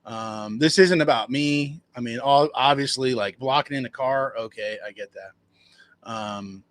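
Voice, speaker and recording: A man running a dumpster rental business, telling a customer story in a rambling, casual way and acting out what people said. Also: a little slow. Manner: rambling, conversational, acts out quotes in a higher voice.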